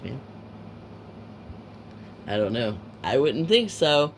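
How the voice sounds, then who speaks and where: A man's voice: fairly high pitch, animated, unhurried, creaky, pauses often, a little hiss or hum, poor audio. A man telling a rambling, profane anecdote, full of filler words and trailing asides.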